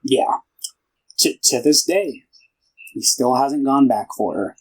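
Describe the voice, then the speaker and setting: A man's voice: mid-range voice, lively intonation, slow pace, rough recording. A young man co-hosting a casual film podcast, retelling a plot in a loose, rambling way and voicing the characters' lines himself. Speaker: podcast co-host.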